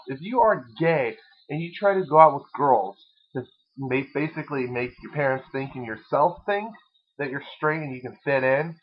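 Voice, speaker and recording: Brief: young male podcast host, husky and animated, rambling and crude, lo-fi home sound. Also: fairly high pitch. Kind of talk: casual podcast chat. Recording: lo-fi dull recording.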